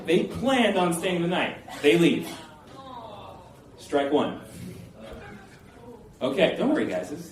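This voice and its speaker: A man in his late twenties tells a loose, self-mocking comic story at a live storytelling night, his voice sitting a little high. It rings in an echoey room, picked up from some distance with faint noise underneath. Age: late 20s. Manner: loose, rambling and self-mocking, with many filler words. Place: live stage at a storytelling event.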